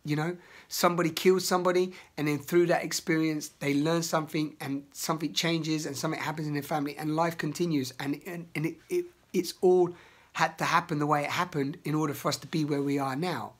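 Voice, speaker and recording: A man talking through his feelings in a rambling, emotional vlog, swearing often and breaking into loud outbursts. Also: fairly high pitch, steady tone, fairly quick. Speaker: vlogger. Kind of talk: outdoor confessional vlog. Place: outdoors in nature.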